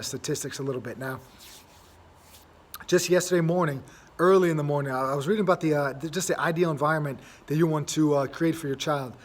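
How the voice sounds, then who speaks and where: A young man hosting a casual monologue, rambling with many fillers and restarts. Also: on the high side. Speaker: host.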